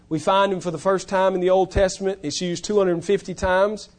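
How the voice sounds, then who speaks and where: A male pastor preaching a sermon, stressing key words loudly and then dropping to hushed, low lines. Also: flat delivery, brisk, hardly any pauses.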